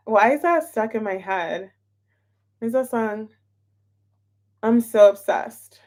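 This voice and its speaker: A woman's voice: on the high side, expressive, slow, long pauses, a little mellow. A woman hosting a tarot livestream, chatting casually and giggling as she greets viewers by name.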